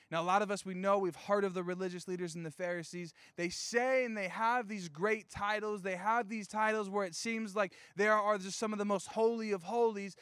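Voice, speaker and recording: Lively young male youth preacher. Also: high-pitched, clear, resonant tone, no room sound, clean studio sound. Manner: animated storytelling, chatty fillers. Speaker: youth pastor. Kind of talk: casual sermon with personal story. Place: outdoor evening gathering.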